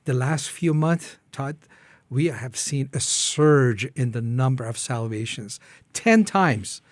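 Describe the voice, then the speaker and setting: Earnest middle-aged man from Iran. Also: no echo. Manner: halting, earnest, acts out his own prayers with rising pitch. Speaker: ministry founder, guest. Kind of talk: personal testimony in an interview.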